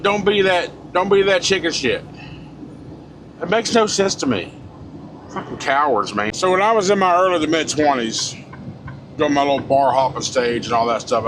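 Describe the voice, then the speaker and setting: Fired-up man ranting in a truck. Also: a little high. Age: 40s. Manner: blunt, profane, fired-up. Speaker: truck driver vlogger. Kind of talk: casual ranting monologue. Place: inside a truck cab. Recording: road noise from a moving truck.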